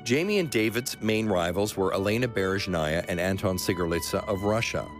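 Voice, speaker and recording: A man hosting a radio sports documentary, narrating the story in a measured way and asking interview questions. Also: on the low side, expressive, music in the background.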